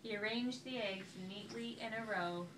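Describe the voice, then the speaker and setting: A woman reading a picture book aloud to a child at home, with slow, expressive storytelling. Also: mid-range voice. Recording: echoey room, far from the mic, faint hiss.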